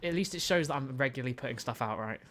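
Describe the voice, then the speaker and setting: A young man with a British accent chats loosely on a live game stream, tripping over his words and replying to chat as he goes. His voice sits at a middle pitch, and a faint hiss of noise hangs behind him. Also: expressive, fast talker, fairly bright tone. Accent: British English. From United Kingdom. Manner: rambling, stumbling restarts, reads and answers chat. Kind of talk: casual live-stream chat while gaming.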